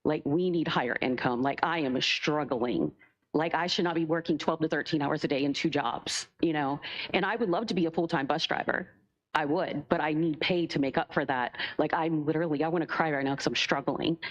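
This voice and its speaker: A woman's voice: deep voice, fairly quick. A young woman, a school bus driver, speaking nervously and emotionally during public comment, with many fillers. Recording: dull lo-fi meeting recording.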